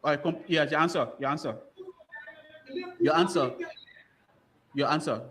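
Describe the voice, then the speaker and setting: A man's voice: on the high side, a little slow, fairly bright tone, faint music behind. A man with a Liberian English accent moderating a school quiz bowl, reading questions and repeating commands to hurry contestants.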